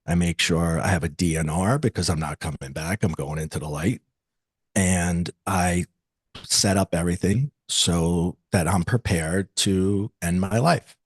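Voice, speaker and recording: A deep-voiced man with a husky edge speaks as a guest in an interview. He recounts a personal story in an earnest, confessional way and acts out the dialogue as he goes. The recording is dry, with no room echo. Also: a little mellow. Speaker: guest telling his story.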